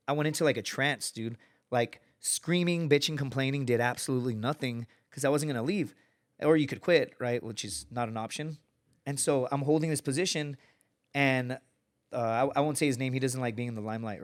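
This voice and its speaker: Animated, profane storytelling podcast guest. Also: male voice, mid-range voice, a little fast. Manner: animated storyteller, acts out quotes, swears often. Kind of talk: casual storytelling.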